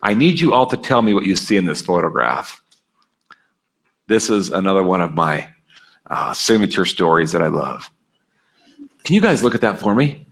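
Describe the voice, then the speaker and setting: Animated male seminar speaker. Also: low-pitched, moderate pace, long pauses, rough recording. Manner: energetic, coaxing, calls on people by name and repeats their answers. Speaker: speaker leading a workshop. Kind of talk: interactive seminar talk to a live and online audience.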